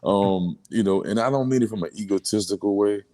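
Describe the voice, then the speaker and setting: A rapper from New Orleans, Louisiana in a casual sit-down interview, telling emotional stories in street slang and filler phrases. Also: male voice, on the low side, fairly quick, mellow.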